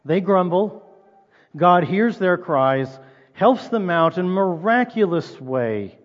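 A man preaching a sermon in a relaxed, conversational way, asking the listeners rhetorical questions. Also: high-pitched, slow pace. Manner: conversational, reads scripture aloud, asks rhetorical questions. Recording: reverberant dull-sounding hall.

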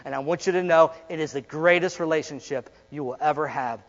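A male pastor preaching a sermon in a church, swinging from loud emphasis to hushed, quiet lines. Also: a little high, brisk, in a large hall, lo-fi sound. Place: church sanctuary.

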